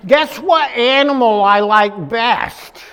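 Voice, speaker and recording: A man voicing a chatty little girl on a plane, high, bubbly and insistent. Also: slow pace, sharp tone, clear, resonant tone, big-room sound, full character voice. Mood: playful.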